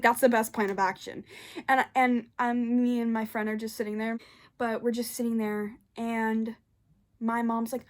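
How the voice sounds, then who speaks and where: Lively young woman telling a story. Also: fairly high pitch, moderate pace. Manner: animated, acts out quotes with big jumps. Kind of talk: casual storytelling.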